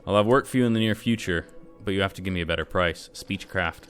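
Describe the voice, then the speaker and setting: A man reading video game dialogue aloud as a sly, smooth-talking male Cuban mercenary with a put-on Spanish accent. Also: low-pitched, fast talker, faint music behind, lightly acted.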